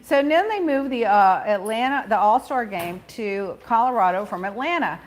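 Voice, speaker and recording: Lively chatty woman hosting a podcast. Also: on the high side, normal speed, slight background noise. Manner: animated, chatty, laughs often. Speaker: podcast host. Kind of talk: casual chat.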